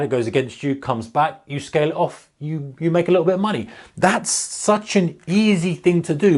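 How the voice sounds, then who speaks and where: A man's voice: medium pitch, a little mellow. A man with a British accent, a trading educator, talking viewers through a topic in a casual, emphatic, direct way. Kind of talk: casual explainer to camera.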